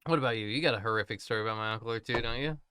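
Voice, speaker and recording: A man's voice: mid-range voice, racing, slight background noise. A young man in casual podcast chat, laughing often and amused by his own stories. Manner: laughs a lot, lively and amused. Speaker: podcast co-host.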